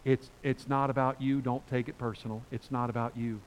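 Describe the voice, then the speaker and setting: A man preaching a sermon as pastor, conversational and emphatic, with sudden loud bursts. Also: mid-range voice, flat delivery, brisk, hardly any pauses, rough recording.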